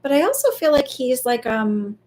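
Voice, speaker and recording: A woman's voice: sits high, sing-song, moderate pace, a little mellow. A woman speaking as a psychic medium in a casual live reading, chatty and loose, full of fillers and the odd swear.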